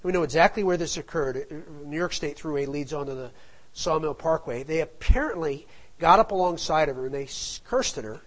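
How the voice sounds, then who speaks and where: A man's voice: on the high side, expressive, a little fast, rough recording. A middle-aged man telling a family anecdote in a casual, rambling way, full of asides. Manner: rambling, digressive, with frequent asides. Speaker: storyteller.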